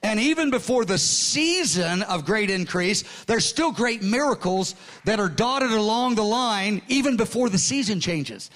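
High-voiced older man preaching. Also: unhurried. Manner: excited, earnest storytelling with frequent restarts. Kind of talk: sermon storytelling.

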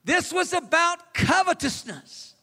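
A man playing a stern old prophet, firing accusing questions in a bright, raised voice. A long hall reverb trails every line. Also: very high voice, big pitch swings, slow pace, pitched above the performer's own voice, full character voice.

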